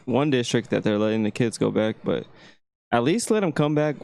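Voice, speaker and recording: A man cuts into a podcast chat with short, blunt, teasing jabs. His voice is gravelly, and his pitch swings a lot. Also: lively intonation, fairly quick, darkish tone. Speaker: podcast co-host. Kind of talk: casual chat.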